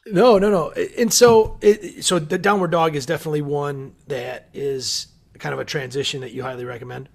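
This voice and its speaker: A man hosting a podcast interview, agreeable and quick to laugh, often restarting his phrases. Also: on the high side, steady tone, gravelly. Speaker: podcast host. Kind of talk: casual interview chat.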